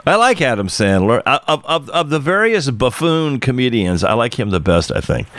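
A man's voice: medium pitch, very animated, moderate pace, fairly bright tone. A man co-hosting a casual talk, musing aloud with many hesitations. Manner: hesitant, lots of fillers and restarts, musing.

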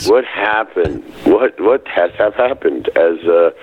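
A man's voice: low-pitched, expressive, slow, breathy edge, phone-quality sound. A man co-hosting a casual talk show, bantering playfully and slipping into mock voices. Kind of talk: casual banter, jokey tangents.

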